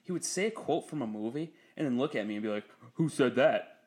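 A man's voice: medium pitch, fast. Profane, storytelling young man. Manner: profane storytelling, laughs often, animated when quoting others. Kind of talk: casual chat.

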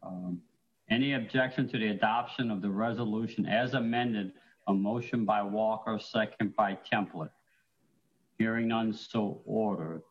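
Low-ish guy chairing a council meeting, reads out item numbers, procedural, muffled remote audio. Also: fairly even intonation, unhurried. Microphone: remote call-in audio.

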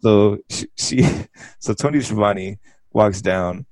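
A man's voice: on the low side, slow pace, a little mellow, dry recording. A man co-hosting a casual wrestling podcast, laughing often and acting out wrestlers' lines as he recaps. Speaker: podcast co-host.

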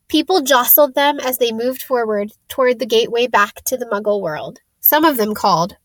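A woman's voice: fairly high pitch, normal speed, hardly any pauses, dry recording. Woman reading a story aloud, dry sound. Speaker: reader.

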